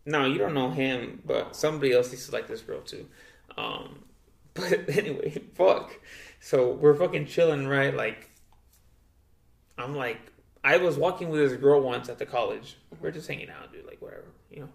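A man's voice: mid-range voice, moderate pace, vocal fry. A young man talking in a casual, rambling way, swearing a lot and saying "dude" often. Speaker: guest. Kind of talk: casual chat. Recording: echoey room.

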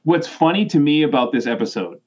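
A male podcast co-host in relaxed casual chat, retelling scenes and quoting lines. His voice sits a little high. The audio is dull and lo-fi. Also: fairly quick.

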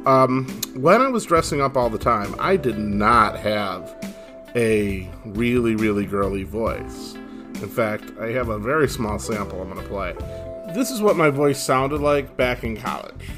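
A man's voice: medium pitch, animated, a little slow. A middle-aged man giving a casual, self-deprecating introduction as host, with easy fillers. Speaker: podcast host. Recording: voice over guitar music. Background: guitar music.

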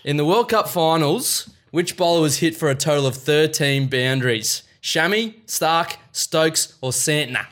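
A man co-hosts a chatty podcast and runs a quiz with a joking, brisk manner. His voice sits fairly high for a man. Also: a bit bright. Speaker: podcast co-host running a quiz. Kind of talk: casual podcast chat.

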